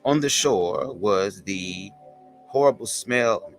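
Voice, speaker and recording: A man voicing a stately older woman poet, reading slowly and solemnly in a Southern accent. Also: on the low side, soft background music. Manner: slow, measured, dramatic recitation. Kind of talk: dramatic poem reading.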